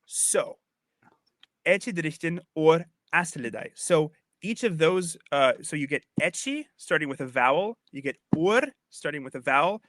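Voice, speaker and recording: A man's voice: on the high side, lively intonation, moderate pace, few pauses, fairly bright tone, no echo, clean studio sound. A man giving a casual spoken lecture as a podcast host, chatty and a little tipsy from wine, often repeating and restarting his phrases and checking that his listener follows. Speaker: podcast host explaining Old English poetry.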